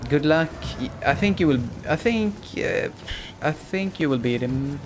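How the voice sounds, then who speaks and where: A man's voice: on the high side, measured pace, noisy background. A man streaming a game live, chatting casually and joking while he plays. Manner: relaxed, joking, talks to himself while playing. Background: game music.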